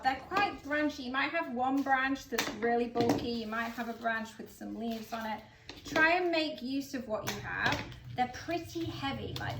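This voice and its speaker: Chatty woman in an echoey room. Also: fairly high pitch. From England. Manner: chatty, upbeat, explaining with many fillers. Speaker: florist host. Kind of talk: casual flower-arranging demonstration. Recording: roomy echo, mic at a distance, faint background music.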